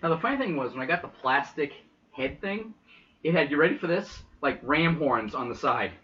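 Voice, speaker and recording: A man rambling through stories in a casual podcast chat, full of fillers and loud outbursts. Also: a little high, animated, moderate pace, recorded from a distance. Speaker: podcast co-host. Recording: dull sound, a bit off-mic.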